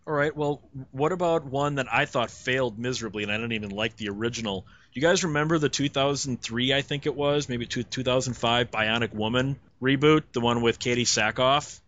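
A man's voice: medium pitch, a little fast, few pauses, a bit bright, lo-fi sound. A middle-aged man co-hosting a casual chat, blunt and opinionated about old TV shows.

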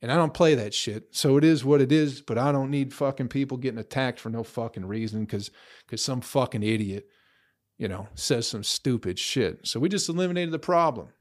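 A man's voice: mid-range voice, fairly quick, darkish tone. A young man in a profane, rambling casual rant, blunt, tossing in "bro" and "you know" often. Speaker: vlogger.

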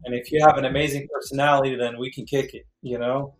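A middle-aged man, a guest actor, telling a lively story and acting out quotes with jumps in pitch. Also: quick pace, faint music behind. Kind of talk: animated storytelling. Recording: roomy echo.

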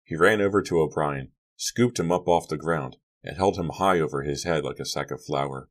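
A man with an extremely deep, low voice narrating a horror novel for teens. He tells the story in steady, dramatic scripted narration. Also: moderate pace. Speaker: audiobook narrator.

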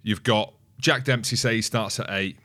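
Male podcast co-host, low voice, thinks aloud, casual and measured. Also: steady tone, pushed and bright. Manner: thoughtful, talks through ideas aloud. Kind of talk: casual sports chat.

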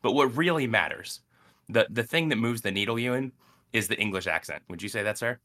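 Bright-voiced joking male podcast host. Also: fairly low pitch, a little fast. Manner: joking, upbeat, teasing. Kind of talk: casual sports podcast chat.

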